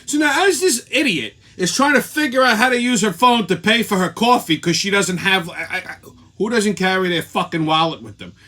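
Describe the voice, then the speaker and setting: A man's voice: sits high, lively intonation, a little fast, bright, forceful tone. A man hosting his weekly show, telling an angry, profane story. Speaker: show host. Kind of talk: ranting weekly commentary.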